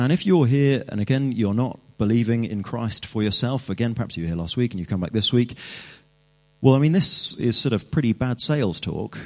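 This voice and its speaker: A man preaching a sermon, earnest and emphatic, building his points with repeated phrases. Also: mid-range voice.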